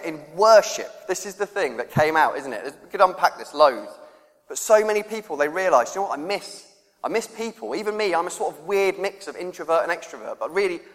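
A man's voice: fairly high pitch, a bit bright. A man preaching a conversational sermon, acting out quoted voices and laughing often. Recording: long reverb of a church hall.

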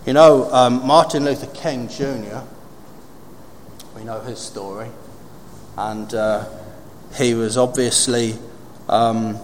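A man preaching a sermon, swinging from loud emphatic proclaiming to hushed storytelling. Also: medium pitch, steady tone, takes it slowly, long pauses, slight background noise. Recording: long reverb in a large hall, faint ambience.

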